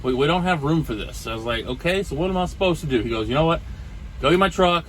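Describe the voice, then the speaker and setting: A man's voice: on the high side, fast, a little hiss or hum, rough recording. A man in his forties telling a casual vlog story from his truck, acting out the people he talked to. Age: 40s. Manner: animated storyteller acting out dialogue. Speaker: trucker vlogger.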